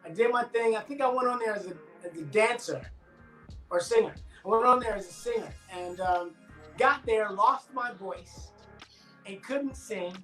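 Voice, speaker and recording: A middle-aged man talks as a guest in a relaxed, chatty interview. He acts out the dialogue of the people in his stories with plenty of energy. His voice rings in an echoey room over a video call, with faint music underneath. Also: sits high, normal speed. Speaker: actor guest. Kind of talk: casual interview storytelling.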